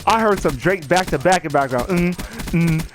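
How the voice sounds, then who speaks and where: Young male gaming host, higher voice, loose animated storyteller who quotes everyone. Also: fairly quick, slight background noise. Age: young adult. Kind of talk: casual story time over gameplay.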